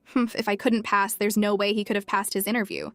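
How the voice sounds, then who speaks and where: A woman's voice: medium pitch, little pitch movement, a little fast, a bit bright, no room sound, soft background music, lightly acted. A woman voicing an eager, earnest young boy who fiercely protects his sister. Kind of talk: storybook narration.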